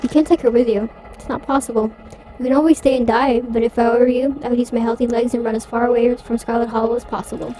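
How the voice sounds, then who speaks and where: A woman reads a trapped ghost who issues blunt, commanding warnings. The voice is fairly high but mellow in tone. It sounds like a horror video game. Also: little pitch movement, fast talker, close to an everyday voice, low-quality recording. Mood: grim warning.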